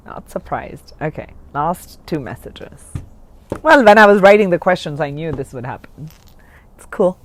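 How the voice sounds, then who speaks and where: A woman giving a general spiritual reading to her viewers, chatty and rambling, who often checks in with "okay?" and moves between hushed and excited moments. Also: low voice, measured pace, long pauses. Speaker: spiritual card reader.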